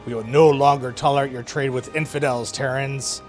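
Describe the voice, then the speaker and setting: A hostile alien warlord barks a threat of war in a hammy pirate growl, as a man puts it on. The voice sits around a man's middle register and pushes loud and forceful. Faint game music plays underneath. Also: medium pitch, steady tone, normal speed, natural voice. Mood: menacing.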